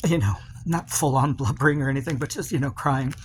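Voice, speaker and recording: A man's voice: mid-range voice, fast, slight background noise. A man recording a personal video message to his partner, rambling and confessional, full of fillers and restarts.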